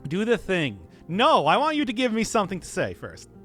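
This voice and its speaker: A man streaming a game, bantering loosely with his viewers and breaking into laughter. His voice sits high and swings up and down with lively energy. Faint music plays behind him. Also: brisk. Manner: playful, laughs often, banters with chat. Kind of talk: casual live-stream chat.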